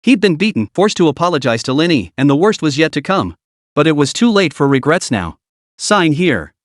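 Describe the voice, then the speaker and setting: A man narrating a dramatic comic story in a scripted, expressive style. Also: on the high side, fairly quick, no echo, clean studio sound.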